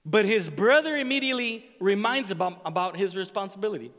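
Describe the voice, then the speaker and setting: A man preaching a sermon as a pastor, speaking in an animated way and acting out the voices he quotes. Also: sits high, fast talker, hardly any pauses. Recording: long reverb of a large hall.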